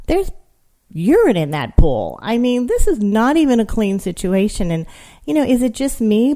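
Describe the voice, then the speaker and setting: A woman's voice: medium pitch, warm tone. A woman hosting a comedic talk radio show, chatty, gossipy and incredulous, with lots of "you know" fillers.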